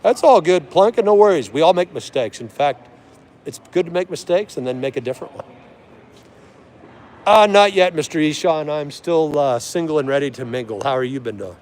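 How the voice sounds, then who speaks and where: A friendly, talkative man runs a live stream from an aviation museum and answers viewers by name as he goes. His voice sits on the higher side for a man. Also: animated, normal speed, darkish tone. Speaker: livestream host.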